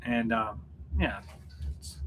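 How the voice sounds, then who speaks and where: A man with a bright, forward voice hosts a casual livestream chat. He rambles and jokes, restarting his sentences as he goes. A faint hum of noise sits under the voice. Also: on the low side, slow. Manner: rambling, self-interrupting, joking. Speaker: YouTube channel host and musician. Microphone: computer setup at home.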